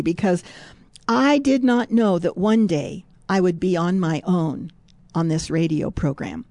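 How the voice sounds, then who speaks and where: A woman's voice: medium pitch, measured pace, warm tone, no room sound, clean studio sound. A woman hosting a Christian radio program, reading scripture and daily confessions in a chatty way, often laughing and correcting herself.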